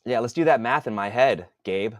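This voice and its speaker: A man who writes books, talking casually in a podcast monologue, swearing a lot and working out sums out loud. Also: medium pitch, normal speed, no echo. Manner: profane, thinks aloud while doing math. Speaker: author.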